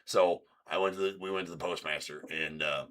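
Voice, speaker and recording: Male stream host, deep but bright tone, rambling casual storyteller. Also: fairly even intonation, brisk. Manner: rambling, reenacts arguments in raised voice. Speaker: card break host. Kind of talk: casual livestream chat.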